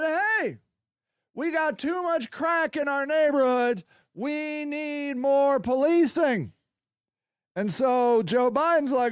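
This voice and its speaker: A man's voice: sits high, clear, resonant tone, no room sound, studio quality. A man hosting a casual solo podcast, reading viewer comments aloud in a rambling, sarcastic way. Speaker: podcast host.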